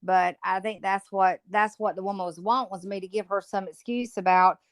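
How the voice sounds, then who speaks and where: A woman's voice: mid-range voice, fairly even intonation, a little fast, no echo. Blunt woman in her fifties. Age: 50s. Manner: blunt, outspoken storytelling. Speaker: podcast guest, motivational speaker. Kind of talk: casual interview chat.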